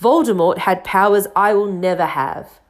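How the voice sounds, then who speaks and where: A woman voicing an old male wizard headmaster who speaks calmly and gently, with a touch of teasing. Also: mid-range voice, normal speed, natural voice. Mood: gentle. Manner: calm, gentle, mildly teasing.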